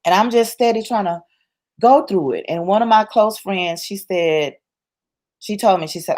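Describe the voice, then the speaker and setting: A woman's voice: mid-range voice, normal speed, a little mellow. A woman guest in an interview, telling a personal story in a colloquial, church-rooted way, emphatic and repetitive as she builds her points. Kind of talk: personal testimony in conversation.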